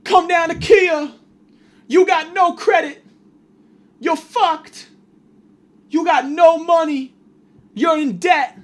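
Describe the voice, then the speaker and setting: A man voicing a loud, brash male ad pitchman who shouts a hard sell. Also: fairly even intonation, slow pace, pauses often. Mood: hyped.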